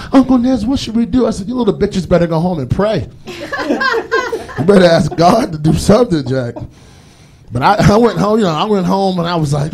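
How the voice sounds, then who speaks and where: A man's voice: high voice, darkish tone, a little hiss or hum. A man doing a loose, rambling stand-up comedy set on stage, acting out voices as he goes. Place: comedy stage before a live audience.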